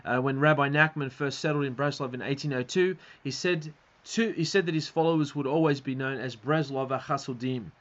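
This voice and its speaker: A man's voice: mid-range voice, fairly quick, a bit bright, muffled recording. A man giving a casual spoken lecture, rambling and hesitant, with many fillers and restarts. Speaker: video lecturer.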